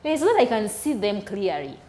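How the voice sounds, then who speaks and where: A woman teaching a children's maths lesson, speaking slowly and deliberately, asking the viewer questions and counting aloud. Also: medium pitch, big pitch swings, warm tone. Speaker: primary school maths teacher. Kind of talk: recorded classroom lesson for children.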